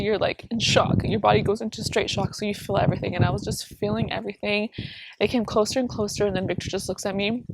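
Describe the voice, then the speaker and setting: A woman's voice: mid-range voice, creaky, background noise. A young woman vlogger telling viewers a painful personal story in a candid, chatty way, full of fillers. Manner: candid, talks straight to viewers, many fillers. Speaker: family vlogger.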